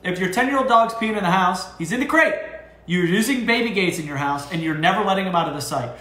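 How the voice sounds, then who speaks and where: A man giving casual dog training advice as a co-host, talking in an animated way. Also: fast talker. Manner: animated, jumps into high acted voices for owners. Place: dog boarding facility room. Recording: echoey room.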